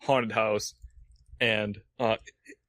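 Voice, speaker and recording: A man's voice: lowish voice, flat delivery, takes it slowly, a bit bright, dry recording. A man co-hosting a podcast, chatting in a playful, teasing way. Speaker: podcast co-host. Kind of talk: casual chat.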